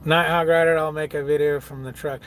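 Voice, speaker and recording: Chatty, slightly high-voiced man. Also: level tone, a little fast, fairly bright tone. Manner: loose and chatty, swears freely, laughs often; reads viewer comments aloud and answers them. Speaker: truck driver streaming live. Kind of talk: casual live-stream chat reading.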